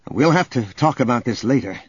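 A man voicing a calm, protective young male hero who speaks low and measured. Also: slightly rough, dry recording. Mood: urgent. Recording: dull audio under loud music.

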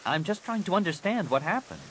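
A man's voice: high-pitched, sing-song, brisk, fairly bright tone, slight background noise, voice pushed up. A man voicing a curious, eager young man who asks questions incredulously, in an audiobook reading.

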